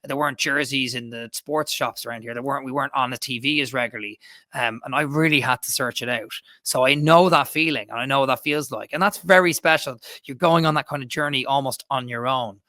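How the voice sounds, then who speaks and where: A man hosting a casual podcast chat, his voice bright and forward. He rambles enthusiastically, cutting himself off and restarting his sentences. The sound is close and dry. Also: mid-range voice, brisk, dry recording. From Ireland. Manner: rambling, self-interrupting, enthusiastic. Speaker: podcast host.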